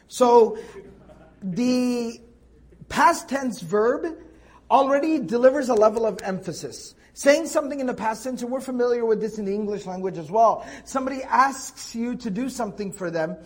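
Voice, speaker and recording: A man with a high-pitched voice gives a tafsir lecture on the Quran. He explains patiently, leaning hard on the words he wants to stress. He often restarts his sentences as he thinks aloud.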